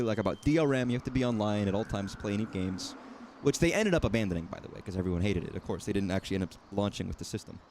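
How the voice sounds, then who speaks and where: A man's voice: fairly low pitch, a little mellow, a little hiss or hum. A man casually commenting while playing a game, talking in a rambling, self-correcting, wry way. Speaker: streamer.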